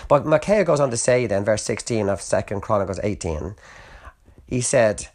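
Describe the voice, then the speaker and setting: A man's voice: lowish voice, animated, moderate pace, a little mellow. A man preaching an earnest, emphatic sermon, reading scripture aloud and posing rhetorical questions.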